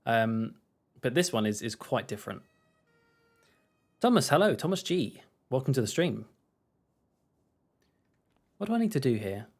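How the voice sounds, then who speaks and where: A man's voice: mid-range voice, big pitch swings, moderate pace, pauses often, darkish tone. Chatty man streaming a game. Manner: rambling, chatty asides. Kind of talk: casual let's-play commentary.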